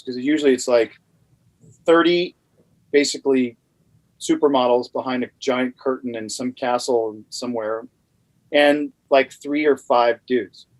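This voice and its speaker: The recording is rough, capturing a medium-pitched man from Louisiana who appears on a podcast. He spins an animated, meandering story packed with filler words, in a casual storytelling mode.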